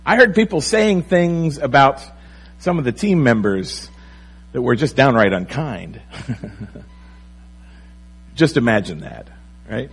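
Pastor, male, husky voice, slow unhurried delivery, sermon with lively swings in emphasis. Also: mid-range voice, low-quality recording. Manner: animated preaching, rising and falling emphasis.

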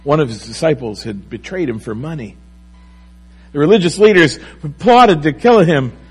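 Pastor, male, husky voice, slow unhurried delivery, sermon with lively swings in emphasis. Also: a little high, poor audio. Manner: animated preaching, rising and falling emphasis.

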